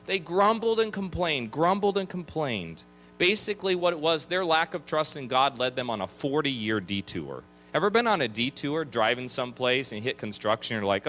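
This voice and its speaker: Animated male pastor preaching in a chapel. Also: fairly high pitch, normal speed, faint music behind. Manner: animated, acts out grumbling voices. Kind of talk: sermon.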